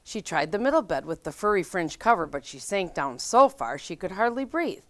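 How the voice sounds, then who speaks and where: Expressive woman reading a children's picture book aloud, lively melody. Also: lowish voice, normal speed. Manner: expressive storytelling. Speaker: school mystery reader.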